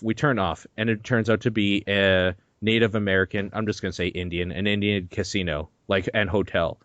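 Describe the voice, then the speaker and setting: A young man hosting a podcast, telling a story in an animated, swearing, laughing way. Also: fairly low pitch, normal speed, dry recording, muffled recording. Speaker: podcast host. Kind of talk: casual chat.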